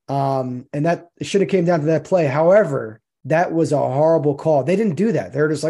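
A man co-hosting a casual sports podcast, venting his disappointment and acting out little quoted asides. His voice sits a bit high for a man and sounds warm and mellow. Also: moderate pace. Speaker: podcast co-host.

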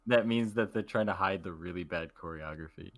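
A man's voice: sits low, brisk, dry recording. A man chatting casually on a podcast, dropping playful quips. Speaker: podcast co-host. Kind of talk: casual chat.

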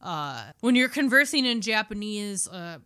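A woman co-hosting a podcast in casual chat, telling animated stories and laughing often. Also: medium pitch, a little slow, clear, resonant tone. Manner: animated storyteller, laughs often and mimics voices. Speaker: podcast co-host.

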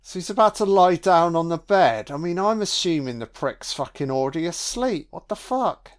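A man's voice: fairly high pitch, lively intonation, moderate pace. A man giving a casual film commentary, sweary, sarcastic and mocking.

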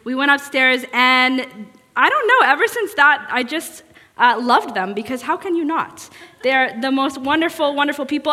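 A woman's voice: sits high, bright, forceful tone. A young adult woman speaking as a guest at a church, telling a story in a chatty, self-deprecating way with lots of fillers. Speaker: guest speaker, next gen director. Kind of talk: casual sermon opening. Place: church auditorium. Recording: long reverb of a church hall.

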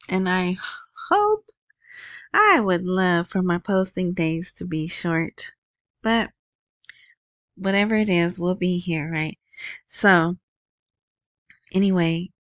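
A slow-talking woman hosts her own podcast from home, chatting loosely, apologizing and getting excited as she goes. The sound is dry and a little dull, like a lo-fi home recording. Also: fairly low pitch, no echo. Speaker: podcast host. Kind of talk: casual solo podcast talk.

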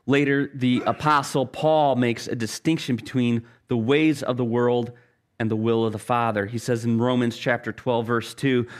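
A middle-aged man delivers a sermon as a pastor, his voice sitting in an ordinary mid range. He speaks earnestly, weaving in stories, and slows down to dwell on the key phrases. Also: medium pitch, fairly even intonation.

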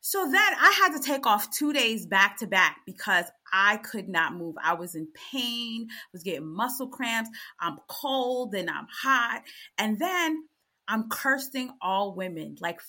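A woman's voice: mid-range voice, sing-song, unhurried, pushed and bright. A middle-aged woman on a panel, telling her story bluntly and animatedly with plenty of profanity. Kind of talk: candid panel chat.

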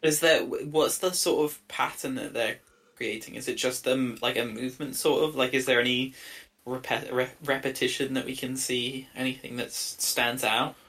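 A man's voice: mid-range voice, steady tone, moderate pace, fairly bright tone. A man playing a tabletop game, asking curious questions and tripping over his words. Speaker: player.

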